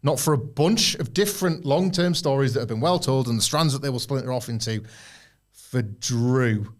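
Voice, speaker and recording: A man co-hosting a podcast, chatting casually at a middle pitch. He rambles loosely with plenty of fillers and restarts, and now and then acts out other people's lines in quick bursts. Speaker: podcast co-host. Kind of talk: casual chat.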